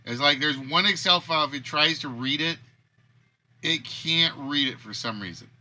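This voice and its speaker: A man chatting casually on a livestream, his voice very bright and sharp, sitting a bit high. He rambles and thinks aloud, trailing off and starting over as he goes. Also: normal speed. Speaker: game show host and creator.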